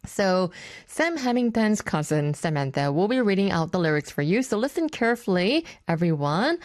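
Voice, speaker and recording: A woman's voice: mid-range voice, sing-song, moderate pace, dry recording. A woman hosting a bilingual radio show in a studio, with a playful, giggly way of talking. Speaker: radio host.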